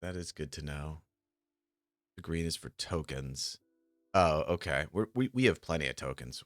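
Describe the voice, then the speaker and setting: Deep-voiced man streaming live. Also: expressive, moderate pace, a bit bright, no echo, studio quality. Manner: muttering, swears when frustrated. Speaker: streamer trading options. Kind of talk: casual live-stream chat. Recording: faint music behind. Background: faint music.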